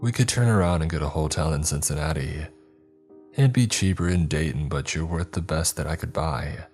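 A gentle young girlfriend, coaxing and reassuring, as a deep-voiced man puts her on in a storybook narration. The pitch sits only a little above his own very low voice. Faint music plays underneath. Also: normal speed.

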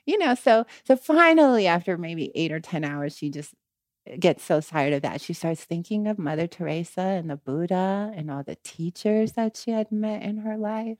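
A woman telling a story in a casual, animated way, often adding "you know" and "right?" between phrases. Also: normal speed, dry recording, studio quality. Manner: gets louder and higher when she quotes the people in the story.

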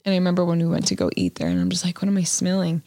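A woman co-hosting a casual podcast chat, talking in an excitable, gushing way. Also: lowish voice, rapid-fire, no echo, clean studio sound. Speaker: podcast co-host.

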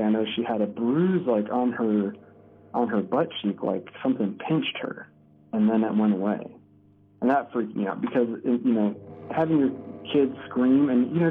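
A man recounting events in an interview, speaking haltingly with many fillers and restarts. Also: on the low side. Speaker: husband recounting events, ER worker. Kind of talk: recorded interview testimony. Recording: tinny phone-like audio.

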